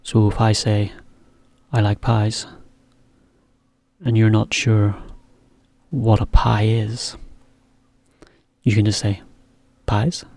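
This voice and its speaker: A man giving a relaxed English lesson to Japanese learners, explaining with simple examples. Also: lowish voice, slow, gravelly, pauses often, dry recording. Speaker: English teacher.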